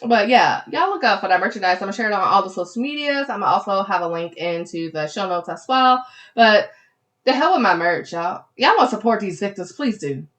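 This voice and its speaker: A woman's voice: mid-range voice, a little fast. A woman with a Southern Louisiana accent hosting a podcast, talking casually and with animation, and saying "y'all" often. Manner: chatty, animated, heavy use of "y'all". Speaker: podcast host.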